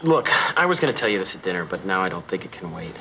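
A man's voice: low-pitched, big pitch swings, quick pace, a little hiss or hum, exaggerated voice. An actor playing an earnest young boyfriend who stammers and apologizes as he breaks up with his date, in a sitcom scene. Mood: awkward. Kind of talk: sitcom acting. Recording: sitcom audio with loud audience laughter. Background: studio audience laughter.

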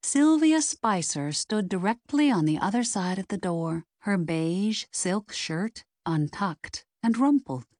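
A woman narrating a mystery novel in an expressive, measured reading. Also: mid-range voice, dry recording, studio quality. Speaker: audiobook narrator.

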